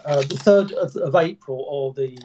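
Male host, a little high, muffled lo-fi mic, chatty and self-deprecating. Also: normal speed, warm tone, slight background noise. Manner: stumbling, self-deprecating, laughs at own slips. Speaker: podcast host reading an old script. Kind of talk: casual chat and reading aloud. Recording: dull lo-fi sound.

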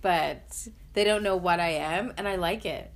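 Woman, casual chat, slightly low voice, earnest, lots of fillers. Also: unhurried.

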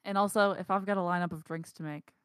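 A woman's voice: lowish voice, steady tone, quick pace, smooth, dry recording. A woman co-hosts a casual coffee podcast, speaking frankly about customers. Her voice sits in the middle range. The recording is dry and close. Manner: frank, exasperated venting. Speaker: podcast co-host, barista. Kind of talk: casual chat.

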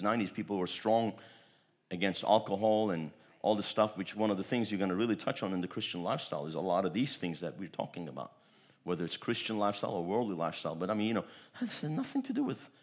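A pastor from Turkey preaching a sermon, telling stories animatedly and often repeating words. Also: male voice, lowish voice. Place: church.

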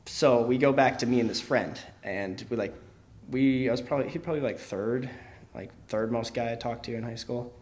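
A man's voice: medium pitch, a little fast, darkish tone. Young guy on a podcast rambling thru a story, lots of likes and ums, laughing as he goes. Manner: rambling, filler-heavy, laughs while telling. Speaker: podcast co-host. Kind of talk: casual storytelling chat.

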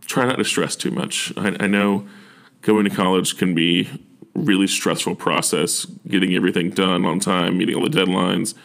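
A young man speaks as a university admissions officer in an easygoing, encouraging talk. His voice sits low with a gravelly fry, and he stumbles over restarts and fillers as he speaks earnestly. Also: flat delivery, normal speed, fairly bright tone. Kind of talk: casual advice talk.

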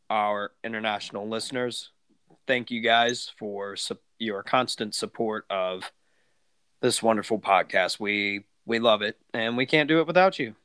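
A man's voice: mid-range voice, a bit bright, clear, resonant tone, no echo. A man hosting a podcast in casual chat, rambling with lots of fillers and restarts. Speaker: podcast host.

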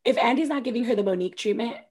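A woman's voice: on the high side, rapid-fire, darkish tone, husky. A woman co-hosting a casual podcast, animatedly recapping a reality show, acting out quotes and swearing freely. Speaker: podcast co-host.

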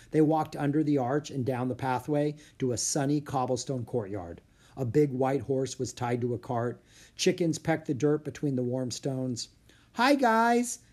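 A reader narrating a children's storybook aloud with an expressive, lively delivery. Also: medium pitch, husky. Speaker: audiobook reader.

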